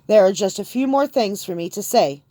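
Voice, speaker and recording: A woman's voice: medium pitch, expressive, brisk, warm tone, dry recording, natural voice. A woman narrator voicing a resolute young king giving a rousing speech to his people. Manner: rousing, speech-making delivery.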